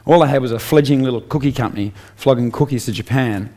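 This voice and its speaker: A man's voice: mid-range voice, quick pace, warm tone. An Australian man giving an emphatic motivational speech on stage, full of rhetorical questions. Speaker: inspirational speaker.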